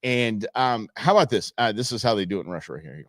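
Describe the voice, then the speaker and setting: A man's voice: lowish voice, animated, quick pace, crowd noise. A man from the United States hosting a show, chatting casually over viral videos with a rambling, chuckling manner and many fillers. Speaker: show host.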